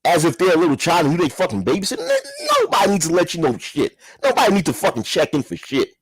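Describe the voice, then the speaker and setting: A man's voice: a little high, wildly swooping pitch, fast talker. A man giving a heated, profane commentary rant, repeating himself and firing rhetorical questions. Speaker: commentary vlogger. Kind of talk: ranting commentary.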